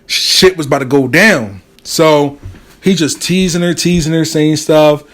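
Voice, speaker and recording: Profane, animated male storyteller. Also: on the high side, a little slow. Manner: animated, profane, acts out quotes. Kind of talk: casual storytelling.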